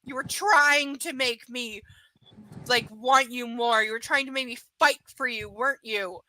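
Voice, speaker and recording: A woman's voice: fairly high pitch, unhurried, pushed and bright, low-quality recording. A woman reading the lines of a jealous, possessive young man in a novel, in an accusing tone. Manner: accusing, controlling.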